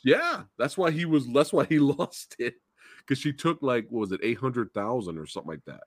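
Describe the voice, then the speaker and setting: A man's voice: mid-range voice, sing-song, moderate pace, no echo, clean studio sound. A man, a podcast guest, chatting casually about a series, agreeing often and laughing easily. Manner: agreeable, lots of short yeahs, laughs easily. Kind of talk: casual review chat.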